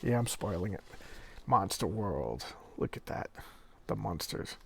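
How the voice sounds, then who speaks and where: A man casually paging through an old horror comic, talking with rambling enthusiasm and drifting into soft, quiet asides. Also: lowish voice, lively intonation, unhurried, creaky, slight background noise. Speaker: comic collector reviewing an issue.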